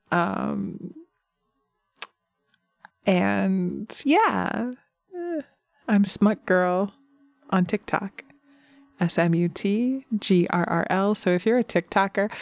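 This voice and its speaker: Woman, hypnosis creator, morning voice, gravelly and low, unhurried, dry close sound. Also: dry recording. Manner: soft, giggly, affectionate, wandering. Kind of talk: casual morning chat to listeners.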